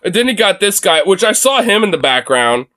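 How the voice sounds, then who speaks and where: A man's voice: high-pitched, very animated, brisk, sharp tone. A young man live-streaming his reaction to a video, talking casually with incredulous exclamations and lots of swearing.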